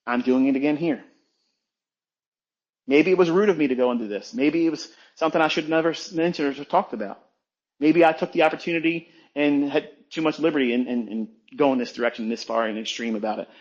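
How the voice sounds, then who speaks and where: A man's voice: fairly high pitch, fairly quick, darkish tone, highs cut off. A man talking as a trading mentor in a blunt, emphatic, profane monologue, repeating his points for weight.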